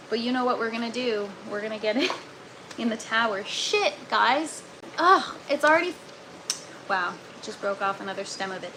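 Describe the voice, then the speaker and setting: A woman's voice: fairly high pitch, normal speed, poor audio. A woman chatting casually to viewers on a live stream from her indoor grow tent, groaning and exasperated. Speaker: gardening livestreamer. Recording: noticeable steady background noise.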